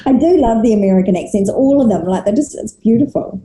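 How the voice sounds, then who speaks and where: A New Zealand woman speaks as a podcast guest, earnest and reflective, often restarting her words as she thinks. Her voice is very dark and mellow. The sound is roomy, with a noticeable echo around her. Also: medium pitch, fast talker. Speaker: guest, author and business coach. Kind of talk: casual interview chat.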